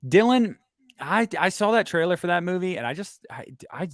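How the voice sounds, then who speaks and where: A man's voice: high-pitched, big pitch swings, moderate pace, no echo, studio quality. A man co-hosting a podcast, rambling through a casual chat with frequent restarts. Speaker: podcast co-host.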